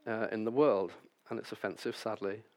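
A man's voice: lowish voice, fairly even intonation, moderate pace. A man preaching a sermon, reading scripture passages and then explaining them with wry, self-deprecating asides.

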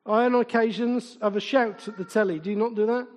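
Preacher guy, middle-aged, really high voice, chatty sermon full of questions to the crowd, long hall echo. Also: brisk, few pauses, a little mellow. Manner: informal and chatty, asks the congregation repeated questions, tells humorous anecdotes. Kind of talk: conversational sermon. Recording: long reverb in a large hall.

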